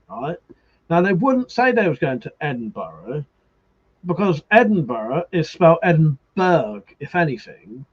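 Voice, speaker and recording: Animated man chatting on a stream. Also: on the high side, husky, muffled recording. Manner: animated, swearing, reading viewer comments aloud. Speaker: livestream host. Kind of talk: casual live-stream chat.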